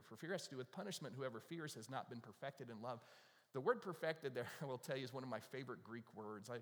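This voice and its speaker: Pastor preaching in an echoing hall. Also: male voice, mid-range voice. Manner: conversational, asks the congregation questions, acts out worried prayers. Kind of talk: sermon. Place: church with audience. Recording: long reverb of a large hall.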